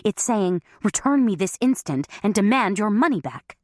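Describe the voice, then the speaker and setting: A woman's voice: mid-range voice, big pitch swings, normal speed, dry recording, pitched above the performer's own voice. A woman voicing a fussy, doting older mother who is easily exasperated, in a storybook reading. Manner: exasperated, prim.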